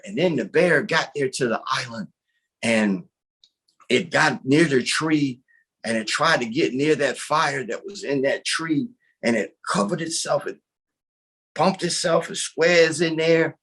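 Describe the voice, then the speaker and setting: A man from North Carolina telling a creation story aloud, in an animated, conversational manner and often checking in with "right?". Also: medium pitch, slightly rough. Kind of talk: oral storytelling of a creation tale.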